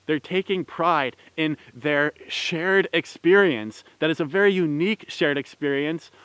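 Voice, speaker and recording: A man's voice: on the high side, a bit bright, clean tone, no echo. A man giving a rambling, heated opinion commentary with many fillers and restarts. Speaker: vlogger.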